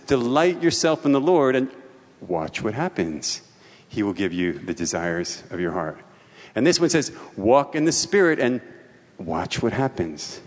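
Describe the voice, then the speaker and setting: A male pastor at a mid-range pitch delivers a sermon in a church, his voice trailing into a long hall reverb. He reads scripture lists in a measured way, then drops into relaxed, explanatory asides to the congregation. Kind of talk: sermon with scripture reading and prayer.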